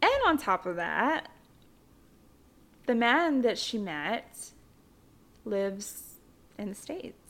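Young woman, from the Philippines, casual storytelling, candid, lots of fillers, mid-pitched voice. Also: very animated, very slow, pauses often, a bit bright. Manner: candid, chatty, swears casually, frequent "like" fillers. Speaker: vlogger.

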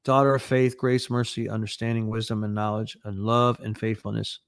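A man reading as a calm, solemn angel. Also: fairly low pitch, normal speed, creaky, clean tone, no room sound, clean studio sound. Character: gentle heavenly angel, calm and instructive.

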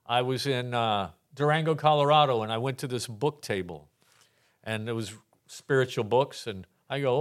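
An older man from Texas, a podcast guest telling his faith testimony in a lively way, acting out the voices in his anecdotes and laughing often. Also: medium pitch, moderate pace.

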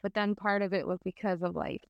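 A woman in her twenties chats casually on a podcast and tells a long, rambling personal story full of fillers. Her voice is smooth and clear. The room sounds dry and close, with no echo. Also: medium pitch, fairly even intonation, a little fast, dull audio. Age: 20s. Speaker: podcast co-host. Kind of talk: casual chat.

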